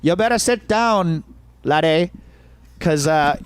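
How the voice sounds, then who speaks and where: A man doing a loose Irish accent for a rowdy middle-aged club-owner dad, high and shouting. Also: lively intonation, slow pace, smooth, no echo. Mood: rowdy warning. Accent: shaky put-on Irish, drifting off.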